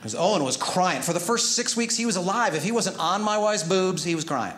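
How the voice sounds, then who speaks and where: Animated stand-up comedian, man. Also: high voice, brisk. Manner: animated, acts out voices of his son and others. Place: theater stage before a live audience. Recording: echoey stage, audience noise.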